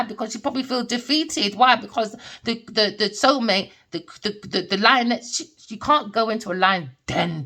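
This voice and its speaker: A woman's voice: on the high side, bright, forceful tone. A woman giving a tarot reading in an unscripted monologue, speaking bluntly and emphatically, swearing, and asking herself rhetorical questions. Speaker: tarot reader.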